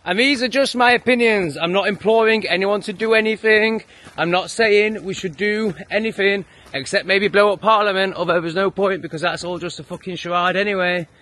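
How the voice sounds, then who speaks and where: A man's voice: high-pitched, fairly even intonation, fairly quick, pushed and bright. An English man ranting heatedly and swearing a lot in his own opinion vlog. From England. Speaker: vlogger. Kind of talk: profane opinion rant.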